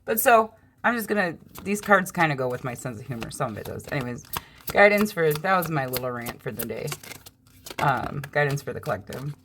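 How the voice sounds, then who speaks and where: A woman's voice: sits low, lively intonation, a little fast, a bit bright, a little hiss or hum. A woman reading tarot cards in a casual vlog, chatting in a rambling way with a dry sense of humor. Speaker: tarot reader.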